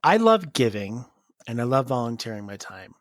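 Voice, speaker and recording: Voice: mid-range voice, sing-song, moderate pace, no room sound. Podcast cohost chatting sincerely, lots of "like" and "kinda", dry close mic. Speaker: podcast co-host. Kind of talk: casual heartfelt chat.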